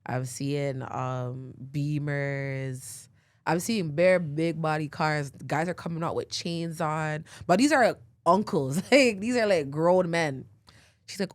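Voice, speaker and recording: A young woman tells a rambling story as a podcast host, her voice set slightly low. She leans on fillers and breaks into laughs often. The sound is close and dry, with no room around it. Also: lively intonation, moderate pace, no echo. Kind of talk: casual storytelling.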